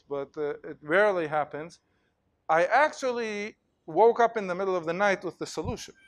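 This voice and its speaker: A male university lecturer giving an animated lecture in a hall, telling stories and acting out examples with plenty of fillers. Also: sits high. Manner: animated storytelling, acts out cheers, many fillers.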